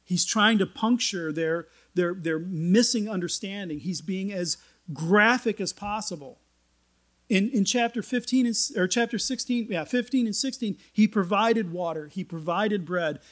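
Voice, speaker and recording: Man, pastor, high voice, conversational sermon, folksy asides. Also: normal speed. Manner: conversational, reads scripture aloud and explains it.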